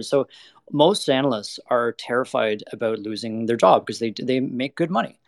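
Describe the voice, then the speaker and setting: A man in an interview, a guest who manages energy investments, talks bluntly and candidly about energy investing, peppering his speech with lots of "like" and "you know." His mid-range voice is very animated and moves at normal speed, and the recording is dry.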